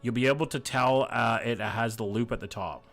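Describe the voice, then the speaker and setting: Man live-streaming, casual chat, swears often, slightly sick voice, mid pitch, faint music behind. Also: normal speed, a bit bright. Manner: swears freely and reads chat aloud. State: a little sick.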